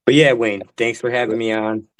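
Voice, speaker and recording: A man's voice: mid-range voice, little pitch movement, a little fast, slight background noise. A man speaking as a guest on a casual panel chat, giving brief, easygoing replies.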